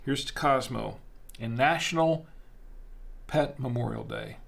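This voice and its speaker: A man with a gravelly, creaky voice hosts a casual wine-tasting livestream. He rambles loosely, with plenty of fillers and restarts, while reading out viewer chat. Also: medium pitch, a little slow.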